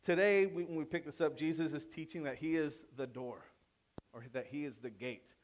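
Man, slightly high voice, pastor, church sermon, casual teasing, emphatic quiet drops. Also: normal speed. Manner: conversational, teasing the congregation by name.

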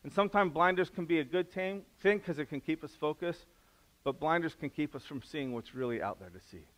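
A man's voice: on the high side, expressive, fairly quick. A middle-aged man preaching a sermon as pastor, in a casual, conversational way. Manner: casual, conversational preaching with restarts and acted-out quotes; drops to a soft, quiet voice in prayer.

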